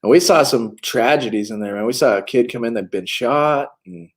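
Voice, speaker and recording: A man's voice: mid-range voice, lively intonation, brisk. A man in his forties hosting a recovery livestream, talking candidly and joking in casual chat. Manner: candid, joking, plain-spoken.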